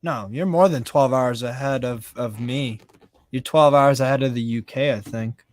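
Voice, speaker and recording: A man hosting a casual live football stream. He reads out viewer comments in a chatty, excitable way, swears casually and laughs often. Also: medium pitch, normal speed. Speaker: live stream host reading fan chat.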